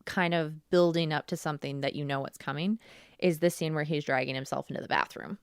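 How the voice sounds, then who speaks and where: Woman, very low voice, podcast co-host, casual chat, enthusiastic, dry sound. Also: fairly even intonation, brisk, smooth, no echo. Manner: enthusiastic, lots of "like".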